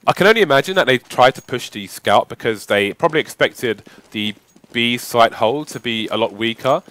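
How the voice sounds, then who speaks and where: A man's voice: medium pitch, expressive, moderate pace, fairly bright tone. A man in a mid-range voice breaking down player positioning during a live shooter match. He talks in a chatty, analytical way, picking apart each decision. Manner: analytical, chatty color commentary. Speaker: esports caster. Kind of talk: live game commentary.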